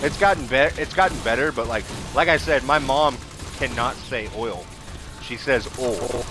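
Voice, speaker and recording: A man's voice: medium pitch, moderate pace. Young guy, Southern US accent, crude jokey banter mid-game, music under him. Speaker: streamer. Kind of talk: casual chat while gaming. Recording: game music loud behind.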